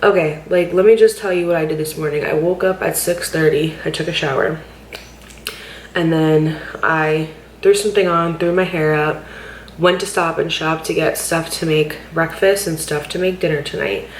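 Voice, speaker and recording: A woman's voice: low voice, reverberant, a little hiss or hum, rough recording. A woman vlogger rambling in a candid, frustrated vent at home, swearing often and filling with "like", sounding tearful and overwhelmed. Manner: rambling, frustrated, heavy swearing, many "like" fillers. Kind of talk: candid personal vlog venting.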